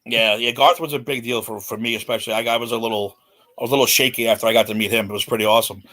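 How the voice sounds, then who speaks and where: A man in his forties, a podcast guest, telling a celebrity story in an excited, animated way. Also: medium pitch, racing. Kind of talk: casual storytelling.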